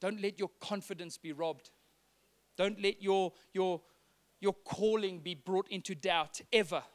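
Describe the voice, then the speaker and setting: A man's voice: sits high, measured pace. A man preaching a sermon, earnest, acting out the dialogue he quotes. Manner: earnest, acts out quoted dialogue, some repeated words.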